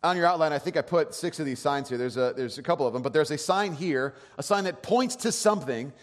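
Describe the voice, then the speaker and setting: A man preaching in a long, echoing hall, his voice sitting a little high for a man. He talks conversationally and animatedly, moving between louder bursts and quiet asides. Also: fast. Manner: conversational, checks in with the audience. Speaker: pastor. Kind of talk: sermon.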